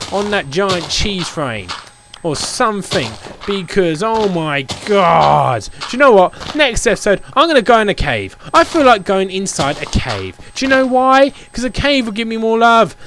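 A young man rants through his Minecraft let's play. His voice sits high and swings widely in pitch. He sounds exasperated and keeps circling back to the same complaints. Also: fairly bright tone, a little hiss or hum. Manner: ranting, exasperated, repetitive. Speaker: gaming YouTuber.

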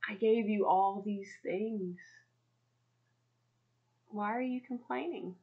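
A woman voicing God as a soft, lovingly patient presence gently correcting her. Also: mid-range voice, takes it slowly, lo-fi sound. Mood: gently reproving.

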